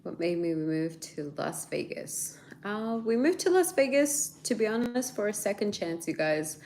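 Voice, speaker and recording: A woman's voice: mid-range voice, expressive, a little slow, a little mellow, slight background noise. A woman in her thirties with an Australian accent, chatting casually with viewers, laughing often as she answers their questions. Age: 30s. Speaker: YouTuber.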